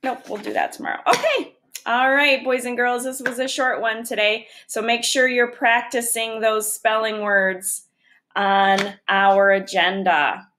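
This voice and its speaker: Slow, patient woman teaching phonics. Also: on the high side, sharp tone, a little hiss or hum. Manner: patient, slow, sounds out letters one by one. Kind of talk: recorded phonics lesson for young children.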